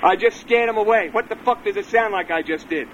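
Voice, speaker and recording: A man's voice: high voice, fairly quick, fairly bright tone, slight background noise. A man making a prank phone call, belligerent and swearing in nearly every sentence, over a dull lo-fi recording. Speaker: prank caller.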